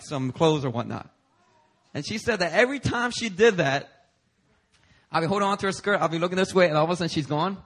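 A man from Korea, preaching with a fairly high voice. He talks to the congregation like old friends, moving from loud emphatic phrases to soft, quiet asides. His stories carry a playful, laughing edge. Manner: conversational and playful, telling personal stories with laughs. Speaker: pastor. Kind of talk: sermon.

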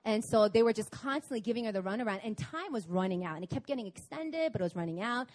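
A young woman preaching at a prayer meeting, telling a personal story in an animated, chatty way. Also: on the high side, fast talker. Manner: animated, chatty storytelling with laughs and acted-out quotes. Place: church meeting hall in Korea.

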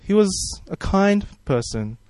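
A man's voice: high-pitched, very animated, takes it slowly, a little mellow, no echo. Man preaching, chatty and interactive. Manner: friendly, conversational, asks the room questions. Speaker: pastor. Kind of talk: sermon with audience questions.

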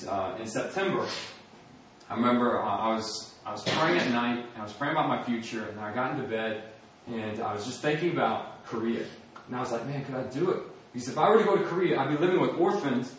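A man's voice: mid-range voice, slight background noise. A young man giving an earnest testimony sermon, telling his story and acting out his prayers with laughs. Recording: echoey hall from far off.

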